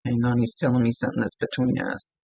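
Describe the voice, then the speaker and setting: A woman psychic medium talks through a reading in a relaxed, chatty way, blunt and quick to laugh. Her voice is gravelly and husky. The sound is close and dry, with no room around it. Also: extremely low pitch, dry recording. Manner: chatty and blunt, laughs often, swears casually. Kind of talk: casual spoken reading for a client. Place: indoors at a table.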